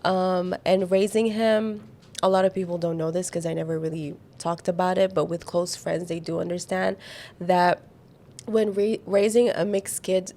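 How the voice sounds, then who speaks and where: Woman, young adult, podcast guest, gravelly voice, animated casual chat. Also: lowish voice. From United Arab Emirates and the Philippines. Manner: animated, quick storytelling with many fillers.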